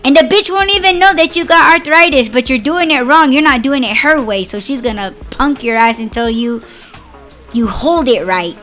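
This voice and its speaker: A woman's voice: high-pitched, a little fast, hardly any pauses, pushed and bright, soft background music. A woman podcast host ranting in a casual, profane, sarcastic monologue and often breaking into laughter.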